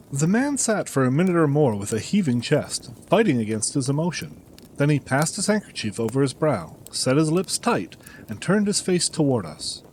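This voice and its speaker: Expressive male audiobook narrator. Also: medium pitch, moderate pace, slight background noise, low-quality recording. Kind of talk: scripted narration of a classic story.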